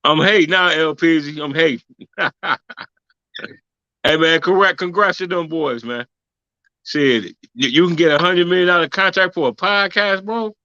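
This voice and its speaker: A man's voice: on the high side, moderate pace, sharp tone, no echo, muffled recording. A man co-hosting a podcast in casual chat, laid-back and teasing. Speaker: podcast co-host.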